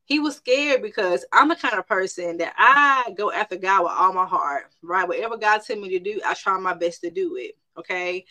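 Bright-voiced woman sharing a faith testimony. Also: mid-range voice, normal speed, hardly any pauses. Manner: emphatic, repeats phrases, often addresses listeners directly. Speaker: private practice owner.

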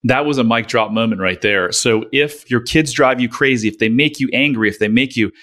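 Male podcast host, casual reflective delivery, mid-pitched voice. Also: brisk, a bit bright. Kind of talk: casual interview chat.

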